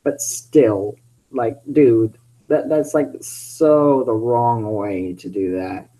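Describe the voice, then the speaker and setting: Man, fan fiction reading, chatty commentary, self-interrupting, mellow voice. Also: mid-range voice, takes it slowly, rough recording.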